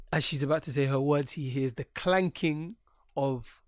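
A man co-hosting a podcast, telling a long story in casual chat, animated and rambling, swearing freely. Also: on the high side, no room sound, studio quality. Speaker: podcast co-host.

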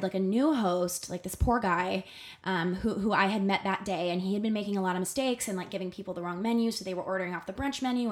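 A young woman chats as a podcast guest. She talks in a casual, animated way, piles on filler words, and jumps into little voices for the people in her story. Her pitch sits in a middling range for a woman. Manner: animated, full of "like" fillers, acts out quoted voices.

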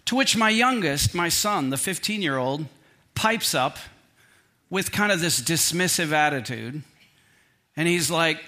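Bright-voiced middle-aged preacher telling stories. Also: male voice, fairly high pitch, unhurried. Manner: animated, self-deprecating, humorous storyteller. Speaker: pastor. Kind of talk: sermon with personal storytelling.

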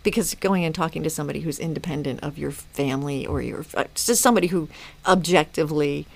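A woman's voice: sits low, fast, gravelly. A woman in her fifties, a mother speaking as a podcast guest, reflective and earnest with frequent restarts. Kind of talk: casual podcast conversation.

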